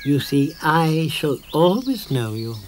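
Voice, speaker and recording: A man's voice: a little high, sing-song, slow pace, very noisy. A British man voicing a kindly mother troll creature in a storybook cartoon, speaking in a soothing, reassuring way. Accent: British English.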